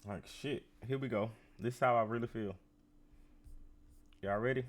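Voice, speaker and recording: A man hosting a podcast, riffing on a reality show in a casual, profane, animated way and talking straight to his listeners. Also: medium pitch, normal speed. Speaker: podcast host.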